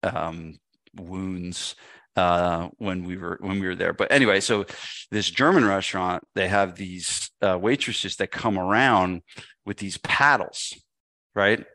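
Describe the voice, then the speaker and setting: Male podcast guest, deep and dry, animated chatty storyteller. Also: a little slow, no room sound. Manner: animated, many fillers and restarts. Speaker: podcast guest, gym business speaker. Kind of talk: casual storytelling.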